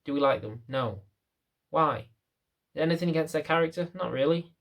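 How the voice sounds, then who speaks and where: A man's voice: on the high side, normal speed, a bit bright. A young British man, a dog trainer, venting to camera with lots of rhetorical questions. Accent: British English. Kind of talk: ranting to camera.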